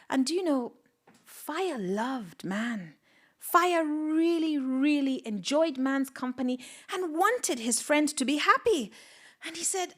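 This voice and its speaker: A woman storyteller telling a folktale live, dramatic and expressive, with sound effects and whispered asides. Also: sits high, takes it slowly.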